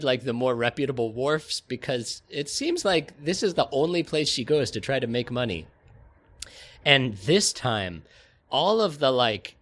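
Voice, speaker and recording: A man's voice: a little high, a bit bright. A man narrating an improvised comedy story, rambling and giggling, with lots of filler words. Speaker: podcast co-host narrating.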